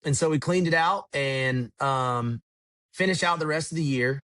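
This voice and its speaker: A man's voice: on the high side, moderate pace, fairly bright tone, dry recording. Laid-back rambling man, dry sound. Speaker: podcast guest, tour manager. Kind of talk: casual storytelling.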